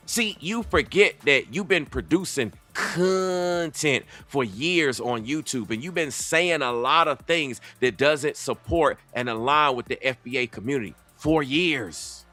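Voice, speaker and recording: A man's voice: medium pitch, sharp tone. A man giving a reaction commentary, confrontational and lecturing, speaking straight to the person in the clip.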